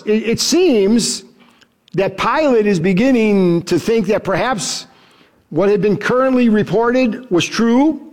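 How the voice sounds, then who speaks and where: High-voiced man preaching a sermon. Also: darkish tone. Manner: acts out quoted lines with raised pitch, then drops low for asides. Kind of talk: sermon, expository Bible teaching.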